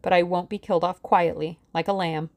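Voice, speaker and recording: A woman's voice: on the low side, steady tone, brisk, darkish tone, natural voice. A woman voicing a frightened but brave young woman in an audiobook, her voice shaky and pleading. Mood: tense. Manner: shaky, pleading, rising to shrieks. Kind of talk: audiobook character reading.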